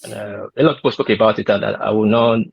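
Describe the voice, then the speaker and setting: A man's voice: lowish voice, steady tone, fast talker, gravelly, noisy background. A man talking heatedly on an online panel, insistent and repetitive, pressing his point over interruptions. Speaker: panel guest. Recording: lo-fi call audio.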